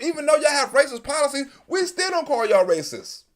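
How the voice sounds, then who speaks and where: A man's voice: extremely high pitch, big pitch swings, fairly quick. A man hosting a live stream, delivering an emphatic, profane, repetitive political commentary rant.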